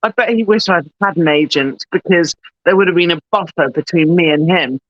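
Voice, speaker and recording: A woman's voice: fairly low pitch, brisk, no room sound. Chatty woman with a dry, dull mic. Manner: chatty storyteller, swears, acts out quotes. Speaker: podcast guest, actor. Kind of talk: casual chat.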